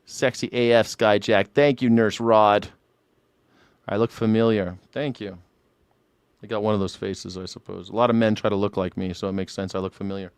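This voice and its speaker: A man's voice: fairly low pitch, steady tone, normal speed, clear, resonant tone, no echo. A man hosting a casual call-in livestream, rambling and profane, boasting about himself in a joking way. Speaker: livestream host taking callers.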